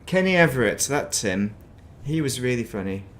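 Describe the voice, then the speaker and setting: A man's voice: mid-range voice, sing-song, normal speed, a bit bright, slight background noise. A middle-aged man chatting casually while streaming a game, rambling and reminiscing and muttering to himself. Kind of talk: casual gaming stream chat.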